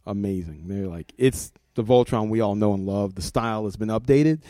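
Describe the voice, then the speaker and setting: Low, mellow-voiced middle-aged man. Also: normal speed, no room sound. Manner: rambling, repeats words, laughs often. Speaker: comics art director. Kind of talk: casual interview talk.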